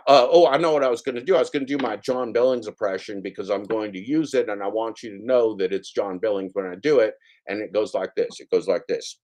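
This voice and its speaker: A man's voice: fairly low pitch, a little mellow. A man hosting a casual reaction stream, commenting on clips with playful, jokey mock warnings to his viewers.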